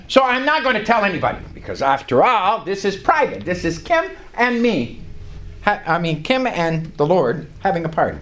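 A man's voice: high-pitched, a bit bright. An older man preaching a sermon in a church, telling a story with emphatic, rising lines. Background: congregation responding.

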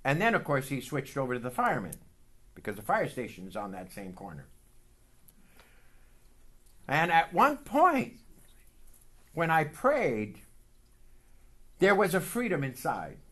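A man's voice: a little high, huge pitch swings, a little slow, long pauses, sharp tone. A man preaching, telling a story from his life in a sermon and acting out the dialogue.

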